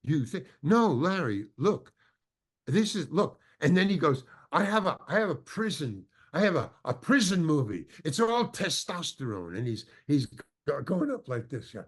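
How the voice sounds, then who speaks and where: A man's voice: a little high, sing-song, moderate pace, husky. An older man, an actor as interview guest, telling a long anecdote with many restarts and acted-out quotes. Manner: rambling, full of restarts, acts out quoted dialogue.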